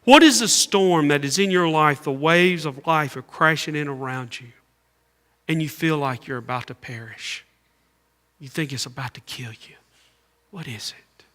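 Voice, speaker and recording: A man preaching a sermon as pastor, swinging between loud calls and hushed asides. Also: on the high side, moderate pace. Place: church sanctuary. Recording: echoey church hall.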